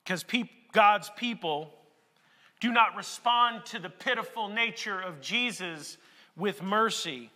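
High-voiced preacher in a reverberant hall. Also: male voice, expressive, slow. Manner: preaching with dramatic swings between hushed and shouted passages. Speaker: pastor. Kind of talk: sermon.

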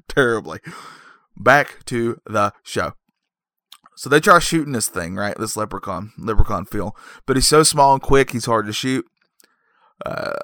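A man giving a rambling, jokey recap of a horror film as a movie reviewer, with deadpan asides. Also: lowish voice, dry recording, studio quality.

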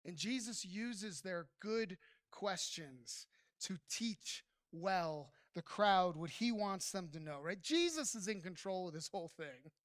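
A pastor preaching a sermon, speaking straight to the congregation with frequent "right?" and building to near-shouts at high points. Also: animated, slow, no room sound, studio quality.

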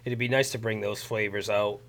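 A man's voice: lowish voice, steady tone, a little fast, gravelly, a bit bright, slight background noise. A man in casual chat, laid-back, hedging and trailing off.

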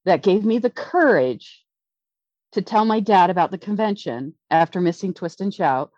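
A middle-aged woman telling a rambling story in casual conversation, excited and full of restarts. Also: lowish voice, moderate pace, no room sound. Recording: dull lo-fi dry recording.

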